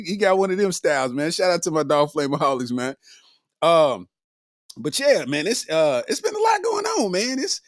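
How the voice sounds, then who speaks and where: A man's voice: a little high, no echo, clean studio sound. A man hosting a comedy podcast, riffing in a loose, slangy monologue and laughing often.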